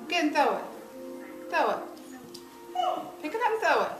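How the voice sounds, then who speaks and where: A woman's voice: high-pitched, sing-song, normal speed. A woman in a home video, coaxing and playfully baby-talking to her pet bird as she tries to get it to play catch. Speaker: pet owner. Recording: roomy, distant home video with loud music.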